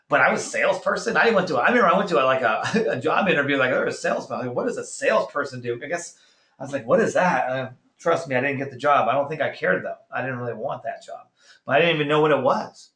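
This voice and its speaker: An energetic middle-aged man coaching a sales team, his voice sitting a little high for a man. He fires off rhetorical questions and acts out short quotes. The room around him rings with a roomy echo. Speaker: network marketing trainer. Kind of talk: motivational talk.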